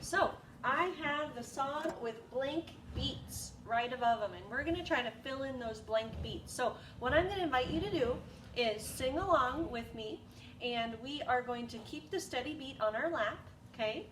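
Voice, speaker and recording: A woman's voice: high voice, lively intonation, normal speed. A woman teaching an elementary music lesson, patient and encouraging, sometimes singing examples. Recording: echoey room, distant mic, noisy.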